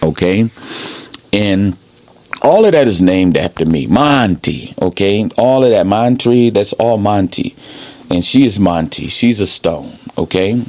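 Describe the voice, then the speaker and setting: A man's voice: lowish voice, lively intonation, measured pace, a little mellow. A man giving a rambling improvised sermon as a self-styled preacher, emphatic and repeating "okay?" after his points.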